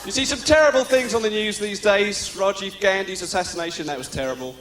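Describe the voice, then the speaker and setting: A man's voice: sits high, brisk, echoey room, background noise. A man doing live stand-up in a theatre, teasing the crowd in a sardonic way. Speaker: stand-up comedian. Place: theatre stage. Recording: live theatre recording with loud audience.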